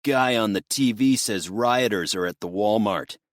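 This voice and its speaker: A man's voice: lowish voice, measured pace, no room sound, studio quality, natural voice. A man voicing a twitchy, drug-addled male robber with an axe, talking in a menacing, unhinged way. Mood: sneering.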